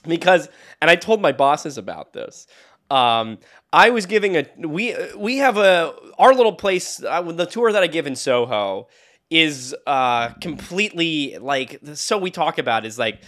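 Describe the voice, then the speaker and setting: A young man with a bright, forceful voice, chatting casually on a podcast. His pitch swings widely as he rambles through a story, breaking into laughs between phrases. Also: very animated, a little slow. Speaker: podcast co-host. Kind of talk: casual chat.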